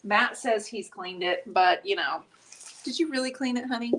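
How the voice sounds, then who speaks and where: A woman's voice: mid-range voice, moderate pace, fairly bright tone, a little hiss or hum. A middle-aged woman hosting a casual live-stream painting tutorial, chatty and upbeat as she jokes with her husband. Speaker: host and paint instructor.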